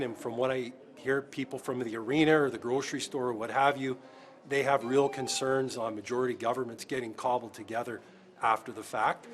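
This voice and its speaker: A male politician answering reporters in a press scrum, measured and pausing as he thinks. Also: medium pitch.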